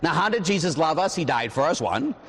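Pittsburgh priest preaching in a reverberant church. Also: male voice, on the high side, sing-song, a little fast, a bit bright, breathy edge. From Pittsburgh, USA. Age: 40s. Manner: conversational, storytelling, frequent "huh?" asides, acts out quoted voices. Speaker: Catholic priest. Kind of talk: sermon.

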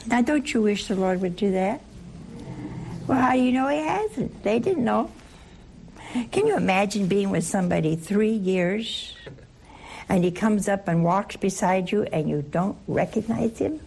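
A woman leading a Catholic Bible study, teaching in an animated, playful way and asking her listeners questions. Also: medium pitch, measured pace, creaky, slight background noise. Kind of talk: lively scripture teaching to a group.

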